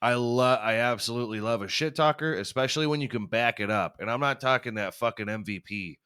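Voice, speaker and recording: A man's voice: mid-range voice, fairly quick, sharp tone, smooth. A young man hosting a podcast, rambling and swearing freely, often laughing at himself. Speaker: podcast host. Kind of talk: casual chat.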